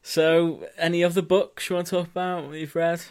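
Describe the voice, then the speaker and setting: A man's voice: on the high side, flat delivery, fairly quick, smooth. A man co-hosting a podcast, chatting in a laid-back way and swearing casually. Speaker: podcast co-host. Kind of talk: casual chat.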